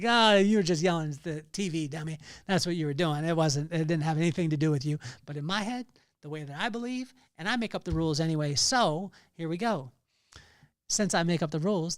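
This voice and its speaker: Animated middle-aged man hosting a podcast. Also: fairly high pitch, dry recording, studio quality. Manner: animated storytelling with bursts of excitement; many fillers and restarts. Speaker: podcast host. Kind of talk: casual solo podcast monologue.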